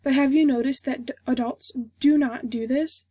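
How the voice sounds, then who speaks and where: High-voiced young woman reading a class speech. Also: normal speed, husky, no echo. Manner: steady, formal, reading from a script. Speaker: student giving a class speech. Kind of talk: read informative speech.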